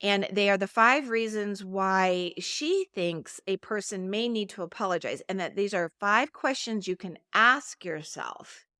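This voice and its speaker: A middle-aged woman talks through her solo podcast in an earnest, coaching manner. Her voice sits at a middle pitch, and the recording is dry and close. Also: expressive, unhurried, hardly any pauses, bright, forceful tone, no echo. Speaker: podcast host.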